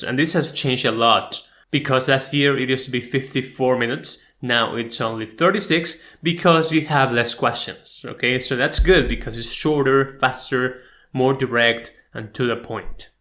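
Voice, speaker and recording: A man's voice: medium pitch, normal speed, fairly bright tone. A man teaching an online exam-prep lesson, explaining step by step and often checking in with "okay?" and "right?".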